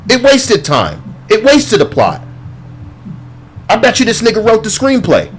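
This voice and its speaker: A man's voice: high voice, huge pitch swings, a little slow, slight background noise. A man giving a heated, profane, sarcastic movie review as a ranting vlogger.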